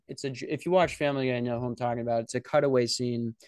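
A young man hosting a podcast, rambling through stories in an animated, profane way. His voice sits at an ordinary middle pitch, and the recording is dry and close with no room sound. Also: racing, clear, resonant tone, no room sound. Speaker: podcast host. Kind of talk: casual storytelling. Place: security office at night.

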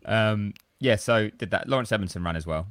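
A man's voice: lowish voice, a little fast, a bit bright, smooth, no echo. A man co-hosting a podcast, telling long, rambling, self-deprecating stories in casual chat. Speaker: podcast co-host.

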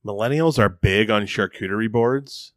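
A man's voice: lowish voice, normal speed, no echo, studio quality. A young man co-hosting a podcast in casual, goofy chat, musing and laughing easily. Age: young adult. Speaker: podcast co-host.

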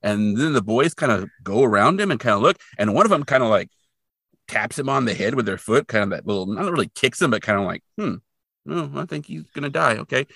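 A man telling a story in a lively, swooping voice, bright and forward in tone. He recaps an episode in casual podcast chat and throws in playful sound effects along the way. The recording is close and dry, with no room sound. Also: fairly low pitch, fast, breathy edge, no room sound. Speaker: podcast co-host.

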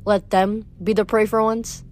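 A woman's voice: mid-range voice, flat delivery, darkish tone, lightly acted. A woman reading as a purring snow goddess. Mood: silky, scheming. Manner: purring, unhurried. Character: cold scheming female snow goddess. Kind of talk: read-aloud book narration.

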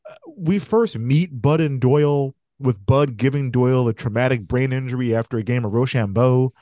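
A man's voice: medium pitch, moderate pace, no room sound. Guy on a podcast, laughs a lot, dry close mic, mid voice. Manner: laughs often, animated retelling. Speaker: podcast co-host. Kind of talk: casual chat recapping a film.

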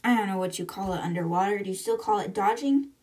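A young woman hosts a casual book podcast, recapping chapters in a chatty way and tossing in side comments. Her voice is husky and she sits a little back from the microphone. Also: medium pitch, fast talker, darkish tone, far from the mic. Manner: chatty, retells with asides. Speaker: podcast host.

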